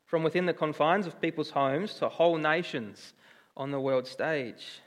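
Young pastor preaching in a reverberant hall. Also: male voice, a little high, moderate pace. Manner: animated storytelling, conversational with restarts. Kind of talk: sermon. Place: church hall. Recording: long church reverb.

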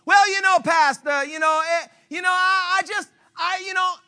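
A man's voice: extremely high pitch, fairly even intonation, normal speed, pushed and bright, voice pushed up, full character voice. A man putting on the voice of a hesitant churchgoer who stammers out excuses to his pastor. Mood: sheepish. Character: grown man churchgoer making lame excuses.

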